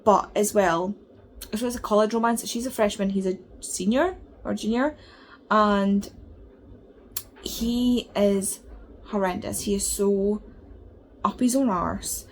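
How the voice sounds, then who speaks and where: A woman's voice: mid-range voice, takes it slowly, pauses often, a little hiss or hum. A woman talking about books in a casual, rambling vlog with lots of fillers. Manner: chatty, animated, rambling with fillers. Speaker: book vlogger. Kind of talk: casual reading vlog chat.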